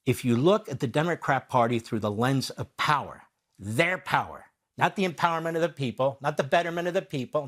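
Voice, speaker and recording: A man delivering a combative political commentary monologue as a host, firing off rhetorical questions and answering them himself, with sarcastic asides mimicking his opponents. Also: mid-range voice.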